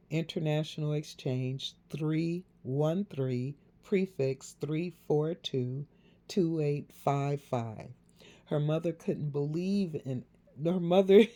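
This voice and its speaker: A woman narrating a novel in a measured storytelling delivery. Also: deep voice, dark tone. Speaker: audiobook narrator.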